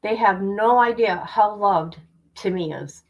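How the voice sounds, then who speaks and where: A woman's voice: mid-range voice, a little slow, muffled recording. A woman hosting a true-crime livestream, talking indignantly and directly to her viewers. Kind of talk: heated livestream commentary.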